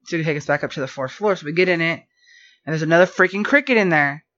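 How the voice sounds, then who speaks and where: A woman telling a rambling story in casual podcast chat, animated and full of fillers. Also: sits low, fast. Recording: dull lo-fi podcast audio.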